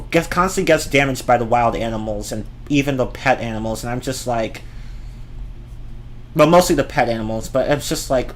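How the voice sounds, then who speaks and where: A man's voice: mid-range voice, slight background noise. Man, ranting movie review, exasperated, swears a lot, stumbles and restarts. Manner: exasperated, profane, repeats and restarts words.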